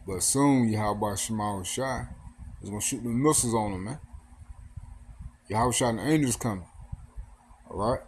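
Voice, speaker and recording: A preacher with a lowish voice delivers a casual, street-style sermon, reading scripture aloud and frequently tossing in "man" and "all right." A little hiss or hum sits under the recording.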